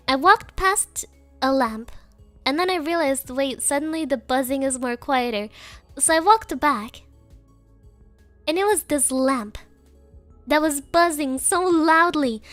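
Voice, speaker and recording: High bright giggly young woman. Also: dry recording. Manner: giggly, chatty, coaxing her dog. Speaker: streamer. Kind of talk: casual stream chat.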